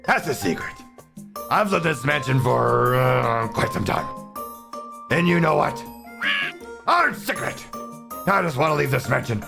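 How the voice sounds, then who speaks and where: A gruff, boastful talking duck , as a man puts him on, bursts out in a raised, grating voice. He swings his pitch widely and sounds fed up and pushy. Video game music plays clearly behind him. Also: big pitch swings, measured pace, long pauses, heavily acted. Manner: loud and indignant, pitched up.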